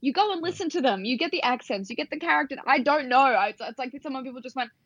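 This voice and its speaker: Fast-talking animated woman, dry sound. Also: sits high, husky, no echo, highs cut off. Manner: fast, animated, swears, lots of "like". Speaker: podcast co-host. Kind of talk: casual book chat.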